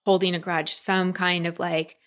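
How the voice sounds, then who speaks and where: A woman coaching a client in a calm talk, often slipping into quoted inner voices. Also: lowish voice, moderate pace. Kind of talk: coaching session.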